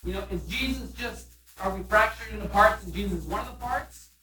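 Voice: mid-range voice, brisk, bright, forceful tone, a little hiss or hum. Conversational preacher in an echoey room. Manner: conversational, rambling with restarts and "you know". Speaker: pastor. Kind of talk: sermon. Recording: roomy room from a distant mic.

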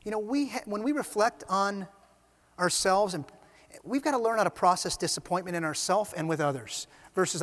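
A man preaching a sermon, retelling scenes with animated storytelling and casual asides. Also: sits high, moderate pace. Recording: reverberant hall.

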